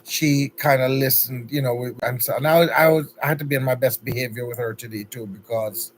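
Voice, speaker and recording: A man's voice: mid-range voice, steady tone, fairly quick, slight background noise, poor audio. A man with a Jamaican accent hosting a casual livestream, chatty and upbeat, greeting viewers one by one by name. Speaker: livestream host.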